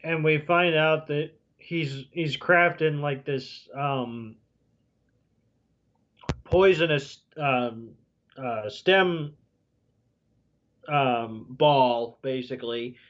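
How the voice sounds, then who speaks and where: Rambling man with a fairly high voice. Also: extremely slow, pauses often, a bit bright, lo-fi sound. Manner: rambling, many fillers like um and you know. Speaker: podcast co-host. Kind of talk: casual recap chat.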